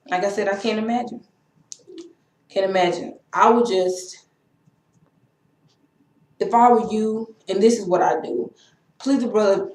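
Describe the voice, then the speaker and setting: A young woman from Texas rants emotionally in her personal vlog, speaking in an impassioned, repetitive way. Her voice is medium-pitched with a darkish tone, recorded in an echoey room.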